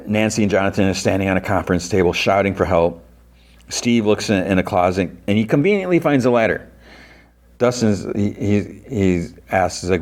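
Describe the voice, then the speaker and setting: A man hosting a podcast, casually retelling a TV episode scene by scene and quoting the characters in a raised voice. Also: a little mellow. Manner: retells scenes with quick quoted lines, pitching up for characters. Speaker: podcast host.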